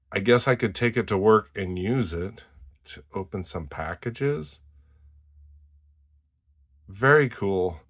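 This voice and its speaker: A man hosting his own knife channel, reviewing a pocketknife in a laid-back, chatty way with playful theatrical asides. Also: on the low side. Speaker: knife collector and channel host. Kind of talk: casual knife review vlog.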